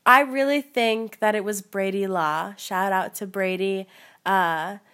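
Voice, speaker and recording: A woman's voice: mid-range voice, a little slow, bright, forceful tone. A young woman guesting on a playful mock podcast, giggly, jokey and rambling. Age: young adult.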